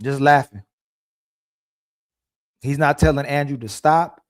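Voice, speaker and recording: A man hosting a stream, reacting to a clip with indignant, repetitive commentary and pausing to search for words. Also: medium pitch.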